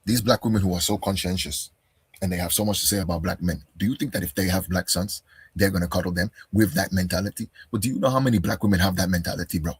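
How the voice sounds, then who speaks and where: A deep-voiced man with a heavily husky, raspy tone delivers a combative reaction commentary. He keeps pressing with rhetorical questions. The sound is close and dry. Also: fast talker, no room sound. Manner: combative, fires rhetorical questions, calls listener "bro". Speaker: commentator responding to a video.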